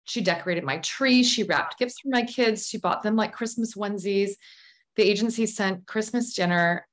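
A woman in mid-range pitch, talking candidly on a podcast. Her storytelling is personal and open, full of casual fillers and quick asides. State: tearful at moments. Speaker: guest author.

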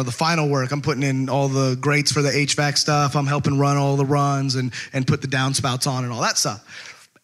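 A man preaching a casual, conversational sermon, telling a personal story with lots of fillers and animated asides. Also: a little high. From California. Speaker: pastor.

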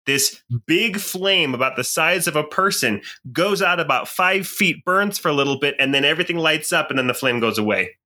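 A man playing in a tabletop game, describing his character's actions deliberately with many ums. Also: on the high side, lively intonation, sharp tone. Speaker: player. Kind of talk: casual tabletop game play.

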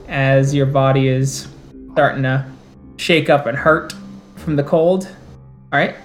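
A man narrating as storyteller of a tabletop game, dramatic and slowing down for eerie scenes. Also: fairly high pitch.

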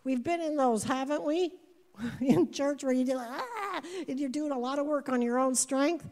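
A woman in her fifties preaching a sermon to a congregation, animated, repeating words and putting questions to the room. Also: high-pitched, moderate pace. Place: church before a congregation. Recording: long hall reverb.

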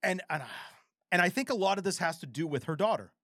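A man co-hosting a podcast in casual chat, animated and rambling, with frequent swearing. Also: sits high, quick pace, no echo, clean studio sound. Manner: animated, profane, rambling storyteller. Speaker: podcast co-host.

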